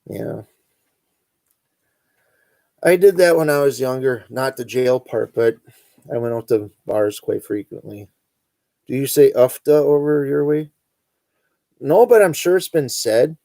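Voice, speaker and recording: A middle-aged man with an Upper Midwest accent, hosting a relaxed, rambling chat and chuckling as he goes. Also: medium pitch, creaky, no echo. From northern Wisconsin. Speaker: host. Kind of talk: casual chat reading live comments.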